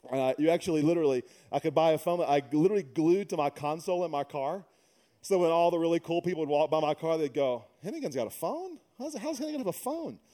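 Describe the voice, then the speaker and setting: A man's voice: fairly high pitch, warm tone. A middle-aged man preaching a sermon, mixing humorous conversational stories with emphatic preaching. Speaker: pastor.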